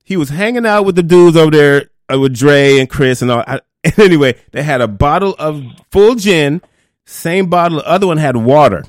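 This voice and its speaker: A man's voice: on the high side, normal speed, no room sound, studio quality. A man telling stories in a casual group chat, acting out the voices of the people in them. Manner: animated storyteller, acts out quoted voices.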